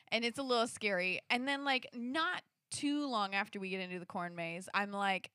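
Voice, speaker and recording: Bright, lively woman telling a story. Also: medium pitch, normal speed, few pauses, no room sound, clean studio sound. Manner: animated, filler-heavy, with lots of "like" and restarts; acts out quoted lines, rising into shrieks. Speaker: storyteller in a conversation. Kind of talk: casual personal anecdote.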